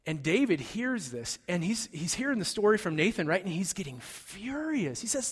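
A man's voice: sits high, big pitch swings, normal speed, few pauses, breathy edge, long reverb tail. A man preaching a sermon, telling a story in a conversational way and acting out the quoted lines. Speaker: pastor.

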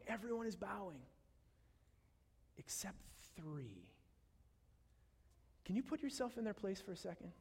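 A man preaching a sermon, animated and conversational, with jokes and asides to the congregation. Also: high-pitched, in a large hall. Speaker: pastor.

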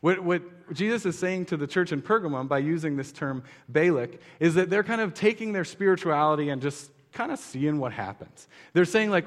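Chatty preacher in an echoing hall. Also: male voice, a little high, animated, moderate pace, hardly any pauses. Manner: conversational, many fillers and restarts, asks the audience questions. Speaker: pastor. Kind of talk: casual sermon teaching.

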